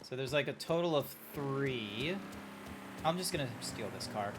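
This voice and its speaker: A man's voice: medium pitch, expressive, normal speed, noisy background. Rambling man streaming a game. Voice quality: rambling, lots of fillers and asides. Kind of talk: casual gameplay commentary. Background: music playing.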